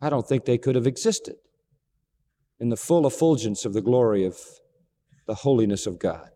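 A man preaching a sermon with a dramatic delivery. He acts out quoted dialogue and swings from hushed low passages to ringing high exclamations. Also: lively intonation, normal speed. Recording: long hall reverb.

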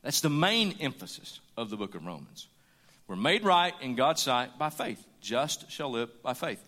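A man's voice: medium pitch, very animated, unhurried, bright, forceful tone. A man preaching a sermon with emphasis, repeating his key lines for weight. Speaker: pastor. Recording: hall reverb.

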